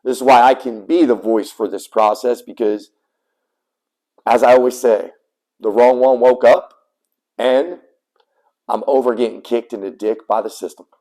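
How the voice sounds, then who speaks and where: A man in a heated, profane rant straight to camera, blunt and emphatic, with sudden loud bursts as he tells his story. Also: mid-range voice, steady tone, normal speed, long pauses, rough recording. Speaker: small business owner telling his custody story.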